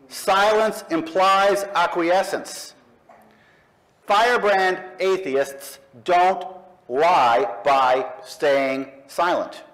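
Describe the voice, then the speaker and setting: A middle-aged man giving a public speech to a live audience, speaking in slow, punchy declarations with pointed pauses. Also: fairly high pitch, fairly bright tone, rough recording. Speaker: speaker at an atheist convention. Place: live event in front of an audience.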